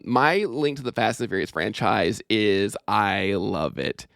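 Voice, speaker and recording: Guest comic, man in his 30s, smooth clear voice, dry close mic, jokey and a bit sweary. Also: on the low side, animated, a bit bright, dry recording. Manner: jokey, sweary, quick asides. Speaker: podcast guest, stand-up comedian. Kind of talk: casual podcast chat. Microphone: remote call microphone.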